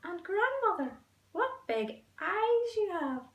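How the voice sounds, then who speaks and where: Storybook little girl: trusting, sweet, high-pitched; woman reader doing the voice. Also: very animated, slow, fairly bright tone, dull audio, heavily acted. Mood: wondering. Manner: high and wide-eyed. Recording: roomy echo.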